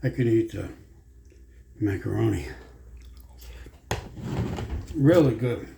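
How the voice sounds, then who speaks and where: A man's voice: on the low side, lively intonation, slow, gravelly, dark tone, a little hiss or hum. A man chatting casually at home in a vlog, wandering from story to story in a folksy, meandering way. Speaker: vlogger. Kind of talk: casual rambling chat. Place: home room. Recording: echoey room, faint ambience.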